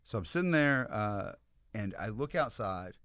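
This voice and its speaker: An American man and podcast guest telling an animated, rambling story in casual chat, with many asides to the listeners. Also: lowish voice, unhurried, clear, resonant tone, dry recording, studio quality. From United States.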